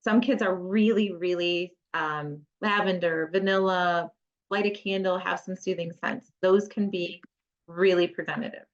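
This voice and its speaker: Woman therapist explaining with practical warmth. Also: lowish voice, fairly even intonation, measured pace. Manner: conversational, practical, with playful acted asides to children. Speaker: occupational therapist. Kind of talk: presenting a parent education webinar. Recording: slightly muffled lo-fi audio.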